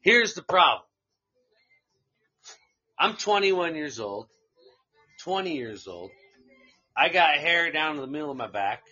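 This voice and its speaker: A man's voice: fairly high pitch, expressive, unhurried, pauses often, pushed and bright, husky, muffled recording. A man casually telling a rambling story on a live stream, swearing freely and laughing along the way. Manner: profane, rambling anecdote with laughs.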